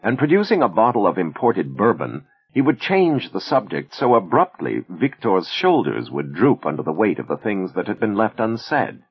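A man narrates an audiobook in a measured, expressive storytelling style. His voice sits on the low side and is slightly rough, and the recording sounds lo-fi.

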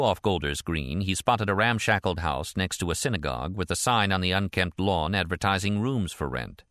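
A man reading a novel aloud as an audiobook narrator, in a measured, even storytelling manner. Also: sits low, no room sound, clean studio sound.

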